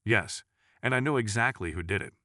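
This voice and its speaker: A man reading as a calm, confident teenage defendant. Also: lowish voice, a little fast, no echo, studio quality. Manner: steady, even delivery.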